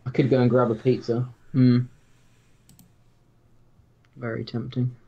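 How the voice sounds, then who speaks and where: A man's voice: medium pitch, little pitch movement, measured pace, gravelly. A man co-hosting a livestream, chatting casually and mumbling asides while he reads the chat. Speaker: stream co-host. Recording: dull lo-fi stream mic.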